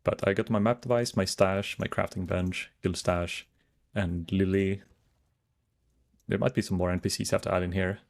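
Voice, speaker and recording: Guy streaming a game, kinda rambly, deep-ish gravelly voice. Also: steady tone, moderate pace. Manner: rambling, talks to chat while browsing. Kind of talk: casual live-stream chat.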